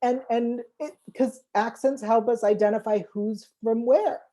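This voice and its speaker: A woman's voice: on the high side, steady tone, measured pace, warm tone. A woman on a panel giving firm opinions in casual chat, with apologetic asides. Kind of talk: casual video-call discussion.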